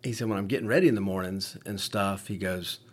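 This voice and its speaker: Speaking quickly in a low, husky voice, a paramedic who co-hosts a podcast swaps stories in relaxed conversation. He curses a lot and keeps restarting his sentences.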